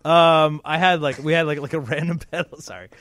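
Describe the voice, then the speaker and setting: A man's voice: fairly high pitch, fairly even intonation, fairly quick, fairly bright tone, no room sound. A man co-hosting a casual chat, joking, laughing often and swearing. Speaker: podcast co-host, music shop worker.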